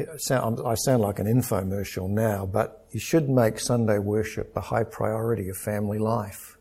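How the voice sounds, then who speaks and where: Man preaching in a mellow voice. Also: lowish voice, steady tone, gravelly, husky. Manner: earnest, measured preaching with storytelling. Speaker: pastor. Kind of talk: sermon.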